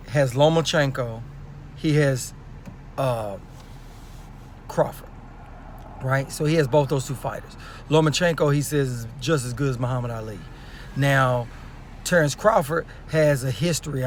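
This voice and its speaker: A man's voice: a little high, a bit bright, a little hiss or hum. A man with speech giving a blunt, profane boxing opinion rant that is full of repeated rhetorical questions. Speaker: sports commentary vlogger.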